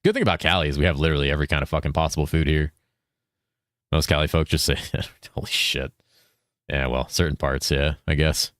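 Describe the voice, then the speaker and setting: A man's voice: extremely low pitch, a little fast, fairly bright tone, no room sound, clean studio sound. A man from California streaming a game, chatting casually with viewers, reading chat aloud, swearing and saying dude all the time. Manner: laid-back, swears often, says dude constantly, reads chat aloud.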